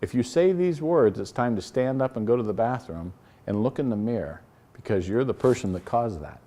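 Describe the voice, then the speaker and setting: A man's voice: mid-range voice, expressive, a little fast, warm tone. A middle-aged man, a company CEO giving a live business presentation. He talks in a blunt, folksy way, tells stories with quoted dialogue, and throws rhetorical questions at the crowd.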